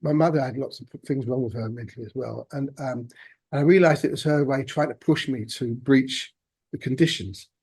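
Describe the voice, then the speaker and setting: A man, a podcast guest telling his own story in a halting, reflective way. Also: mid-range voice, a little mellow, husky. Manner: halting, reflective, many restarts. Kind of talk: personal storytelling interview.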